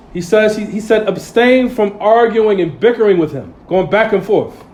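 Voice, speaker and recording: A man's voice: high-pitched, normal speed, hardly any pauses, darkish tone. A man preaching a sermon in casual street English, asking the audience rhetorical "what?" questions and acting out little everyday scenes. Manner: call-and-response questions, acts out little scenes. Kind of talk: Friday sermon.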